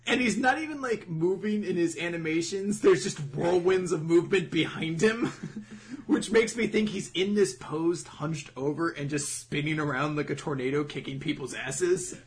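A man's voice: fairly high pitch, moderate pace. A man co-hosting a casual chat, recapping a show with wry, laughing asides. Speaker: co-host.

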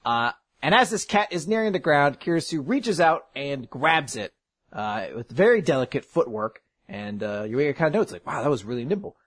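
A man's voice: fairly high pitch, lively intonation, moderate pace, a bit bright. A man casually recapping a story, laughing often and acting out the characters' lines. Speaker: podcast host recapping an anime.

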